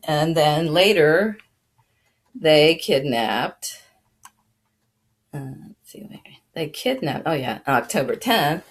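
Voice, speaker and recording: A woman hosting a casual, rambling history talk, with frequent fillers, restarts and small chuckles. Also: low voice. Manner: chuckles now and then while talking. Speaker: channel host.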